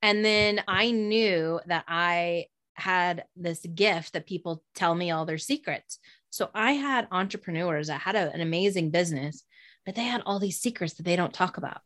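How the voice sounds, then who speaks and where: A woman with a somewhat low voice hosts a casual interview, chatty and expressive, often laughing as she tells her stories. Her voice is recorded close and dry. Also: moderate pace, no room sound. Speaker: podcast host.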